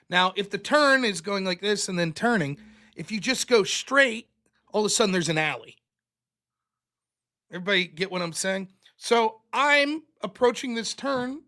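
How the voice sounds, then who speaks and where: A man hosting a podcast, telling a story in a casual, animated way. He acts out the people he quotes with loud bursts and laughs often. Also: sits high. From United States. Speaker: podcast host.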